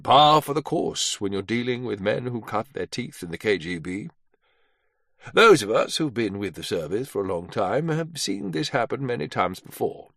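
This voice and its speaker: A man doing a gravelly, domineering spy chief. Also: lowish voice, very animated, normal speed, a bit bright, no room sound, studio quality, full character voice. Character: senior heavyset male intelligence director, domineering.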